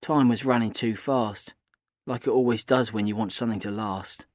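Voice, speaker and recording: A man reading a children's novel aloud in the first person, in an even storytelling manner. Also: on the low side, moderate pace, no room sound, studio quality. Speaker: audiobook narrator. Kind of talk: scripted first-person narration.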